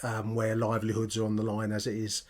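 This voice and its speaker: Measured male podcast host. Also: on the low side, monotone, darkish tone. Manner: measured, slightly formal, addresses listeners. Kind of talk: podcast commentary.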